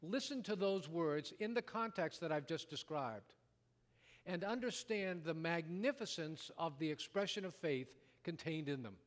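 Pastor guy preaching, kinda high voice, big echoey church hall, goes loud then real quiet. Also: animated, measured pace. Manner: dramatic storytelling, wide swings from loud to hushed. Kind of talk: sermon. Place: church sanctuary. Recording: long reverb of a large hall.

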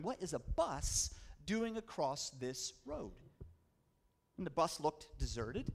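A man delivers a morning sermon in a slightly higher voice. He tells the story with drawn-out pauses and swells of emphasis. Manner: storytelling with dramatic slowdowns and rising emphasis. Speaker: pastor.

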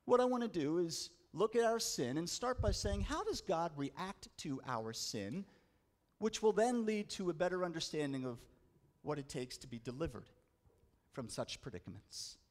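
Guy preaching, slightly high voice, slows way down and builds up for the big moments. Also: big pitch swings. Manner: storytelling with dramatic slowdowns and rising emphasis. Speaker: pastor. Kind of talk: sermon.

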